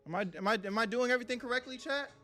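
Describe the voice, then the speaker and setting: A man's voice: very high voice, rapid-fire, bright, forceful tone, soft background music. A young man streaming a game live, swearing and talking nervously to his chat as he plays. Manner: jittery, swearing, talks to chat. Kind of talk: live gameplay commentary.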